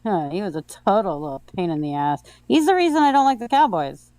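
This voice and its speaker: A woman's voice: mid-range voice, very animated, fairly quick, dark tone, dry recording, poor audio. A woman in a casual chat, blunt and a little salty.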